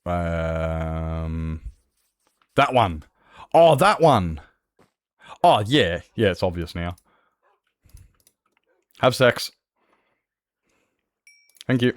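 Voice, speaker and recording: Man, gaming streamer, animated pitch, dry close sound, swears and laughs. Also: slow, pauses often, no echo. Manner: chatty, swears freely, laughs often. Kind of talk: casual gaming livestream chat.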